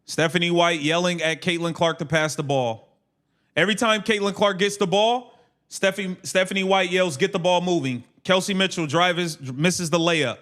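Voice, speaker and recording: A man with a high, light voice calls the action on his livestream. He fires off quick, clipped play calls, then turns brash and mocking, swearing and laughing at the players. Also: steady tone, a bit bright. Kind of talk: casual play-by-play commentary.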